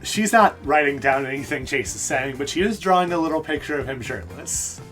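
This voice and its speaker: A man narrating as game master in a chatty, lively way. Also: fairly high pitch, brisk, soft background music.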